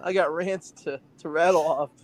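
A man's voice: on the high side, moderate pace, a loud crowd. A man talking casually as a podcast guest, laughing often and swearing as he tells stories. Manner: laughing, swearing, animated storyteller. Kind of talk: casual chat.

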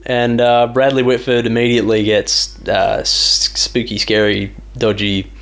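Podcast co-host, man, mid-pitched voice, sarcastic jokey asides in a casual recap. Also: monotone, measured pace, fairly bright tone. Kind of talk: casual movie recap chat.

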